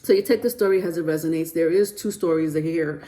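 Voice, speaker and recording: A woman's voice: low voice, steady tone, brisk, warm tone. A woman giving a casual tarot reading to camera, chatty and rambling with lots of fillers and restarts, often breaking into giggles. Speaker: tarot reader.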